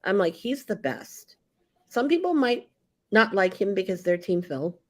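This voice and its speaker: A woman's voice: medium pitch, sing-song, moderate pace. A woman co-hosting a casual wrestling podcast who talks with emphasis and enthusiasm and swears freely. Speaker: podcast co-host. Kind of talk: casual chat.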